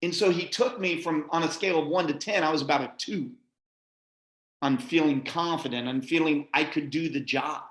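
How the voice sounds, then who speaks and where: A man's voice: fairly high pitch, moderate pace, fairly bright tone. A middle-aged man giving a folksy, motivational sales-training talk, often checking in with his listeners. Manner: folksy, repeats "right?" often. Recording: echoey room.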